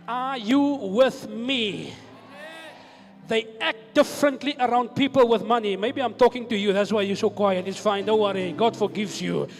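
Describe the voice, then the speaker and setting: A male pastor with a South African accent preaching a fiery sermon, moving between hushed asides and shouted declarations. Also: high voice, gravelly, long reverb tail. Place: church hall.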